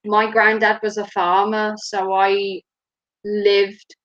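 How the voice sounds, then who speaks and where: Her delivery is completely flat and slow, her medium-pitched voice a bit bright. A mum who vlogs from Norfolk, England, she chats casually in a slight Norfolk accent, laughing and swearing freely, on a dull lo-fi home recording.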